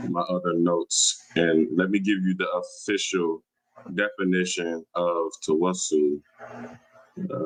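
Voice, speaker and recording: A man's voice: low voice, low-quality recording. Argumentative man on a livestream. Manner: argumentative, challenging, repeats himself. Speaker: livestream host. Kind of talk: religious livestream talk reading comments.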